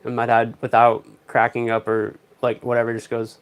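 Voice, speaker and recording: A young man chats casually on a livestream. He rambles through stories with dry, jokey asides. His voice sits at an ordinary middle pitch. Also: monotone, moderate pace, clear, resonant tone. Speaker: live streamer.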